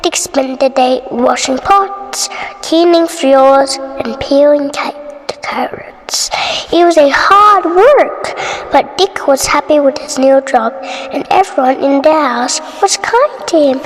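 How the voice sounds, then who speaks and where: A woman with an Indonesian accent reading a bedtime story aloud in a soft, often whispery voice. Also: high-pitched, takes it slowly. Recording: reverberant room, faint noise.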